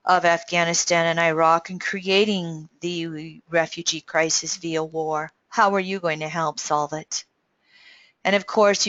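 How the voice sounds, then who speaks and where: An American woman astrologer giving a yearly forecast in an earnest, unhurried way, often correcting herself. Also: on the low side, sharp tone, dry recording, highs cut off. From United States.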